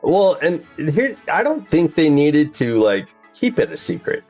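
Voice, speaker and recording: A man's voice: on the high side, big pitch swings, measured pace, darkish tone, highs cut off, soft background music. A man talking in a casual chat about a film, rambling with many restarts and frequent laughter. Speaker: podcast host.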